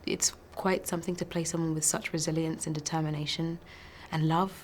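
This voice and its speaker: Soft-spoken woman actor, lowish voice. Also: little pitch movement, fairly quick, a little hiss or hum. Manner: thoughtful, soft-spoken, laughs often. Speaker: actor promoting a film. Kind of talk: press junket interview.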